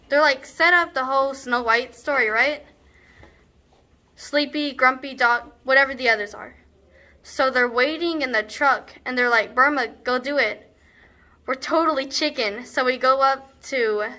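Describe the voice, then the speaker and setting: A woman's voice: high voice, sharp tone. A young woman performing a comedic monologue as a brash, scornful teenage girl, rambling with sarcastic asides. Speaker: student actor.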